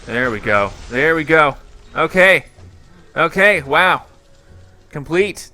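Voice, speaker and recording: A man with a bright, forceful voice pitched a little high gives excitable gameplay commentary into a close desk mic. He mutters low in frustration, then jumps to loud, high yelps. The delivery is dramatic and full of sudden swings. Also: slow, soft background music. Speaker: YouTube reaction host playing a mobile game.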